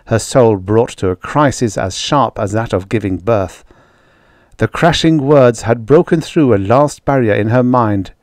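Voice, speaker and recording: A man's voice: fairly low pitch, a little mellow, no room sound, clean studio sound. A man narrating a vintage science fiction story as an audiobook reader. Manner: slow, measured reading. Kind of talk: scripted narration.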